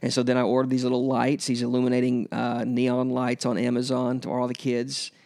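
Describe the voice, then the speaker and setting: A man who preaches at a school chapel, telling an interviewer about his sermon series in an earnest way that turns emotional and animated. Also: medium pitch, brisk. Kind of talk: casual interview storytelling.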